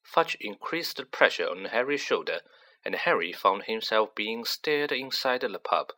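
A man narrating a storybook in an unhurried, expressive reading. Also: on the low side. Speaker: audiobook narrator.

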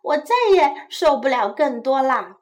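A woman's voice: high-pitched, unhurried. A woman voicing a small, sleepy mouse in a children's story, pleading and fed up with the noise. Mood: weary. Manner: pleading, growing exasperated.

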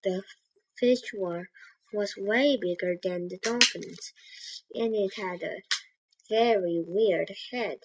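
A woman reading a children's book aloud, halting and restarting on words. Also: mid-range voice, slight background noise, poor audio. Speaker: reader.

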